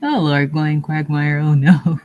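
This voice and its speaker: A woman hosting a casual livestream, answering viewer comments in a meandering, easygoing way with frequent pauses. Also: low-pitched, steady tone, a little mellow, muffled recording. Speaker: livestream host. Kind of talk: casual live-stream chat, reading viewer comments.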